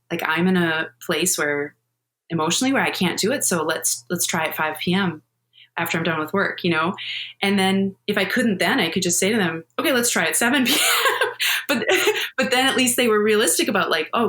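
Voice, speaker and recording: A woman's voice: mid-range voice, a bit bright. A middle-aged woman, a podcast guest, chatting candidly and telling personal stories with frequent laughter. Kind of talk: casual conversational interview.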